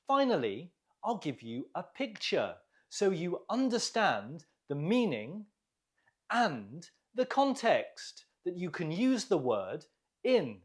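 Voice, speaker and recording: A man teaching an English vocabulary lesson, explaining words clearly and asking learners questions to repeat. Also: sits high, slow pace. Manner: clear, lively teaching delivery with rising questions.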